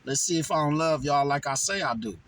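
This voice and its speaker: A man's voice: a little high, fairly quick, fairly bright tone, close to an everyday voice, poor audio. A man voicing God as a brash, casual male deity who coaxes people to praise him, in a boastful, slangy way. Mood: coaxing boastful.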